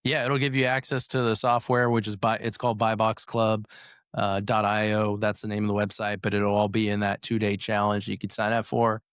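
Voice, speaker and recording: A man guest on a podcast, chatting casually and rambling a bit as he explains his software. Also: lowish voice, normal speed, smooth, dry recording, studio quality. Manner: relaxed, rambling, self-correcting. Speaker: podcast guest, real estate investor. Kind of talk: casual interview chat.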